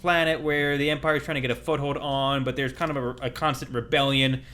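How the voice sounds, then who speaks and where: A man's voice: medium pitch, little pitch movement, fast, bright, forceful tone, a little hiss or hum. A man co-hosting a gaming podcast, talking casually and rambling with many fillers. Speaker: podcast co-host.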